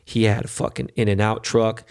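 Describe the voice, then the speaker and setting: A man's voice: fairly low pitch, level tone, normal speed, creaky, a little mellow, clear, resonant tone. A man, hosting a podcast and telling a loose, profane, talkative story in casual monologue. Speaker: podcast host.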